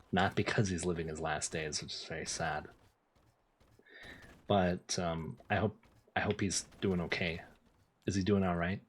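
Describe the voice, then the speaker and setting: A man's voice: deep voice, breathy edge. A young man casually chatting with his chat while streaming a game, laid-back and talkative. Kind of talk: casual gameplay commentary.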